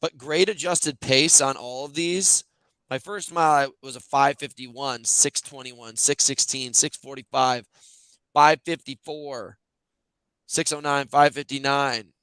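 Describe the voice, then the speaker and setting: A man's voice: medium pitch, unhurried, clear, resonant tone, dry recording. A male podcast host chatting casually, telling stories animatedly with lots of fillers. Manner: animated, loose storytelling with many fillers. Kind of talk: casual chat.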